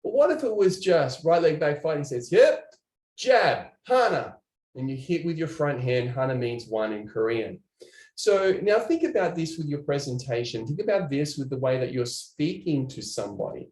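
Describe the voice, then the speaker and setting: A man giving an online training presentation, animated and chatty, talking to viewers in the chat. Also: a little high, moderate pace, reverberant.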